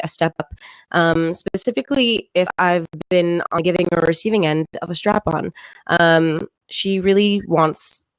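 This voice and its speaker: A young adult woman-voiced comedian doing a stand-up set from home in a deadpan tone, with frequent ums and little laughs. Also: low-pitched, no room sound, low-quality recording. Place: home, virtual show.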